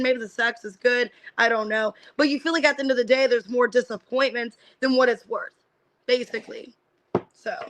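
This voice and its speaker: Bright-voiced woman reading tarot cards. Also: high-pitched, poor audio. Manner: casual, thinking aloud, lots of "I feel like" and "like"; names cards one by one, then interprets. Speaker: tarot reader. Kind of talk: live-streamed tarot reading.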